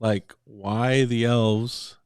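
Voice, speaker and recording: A man's voice: medium pitch, steady tone, drawn-out words, a little mellow, clear, resonant tone, dry recording, clean studio sound. A man co-hosting a podcast in casual chat, talking with fillers and restarts and sometimes reading passages aloud. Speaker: podcast co-host.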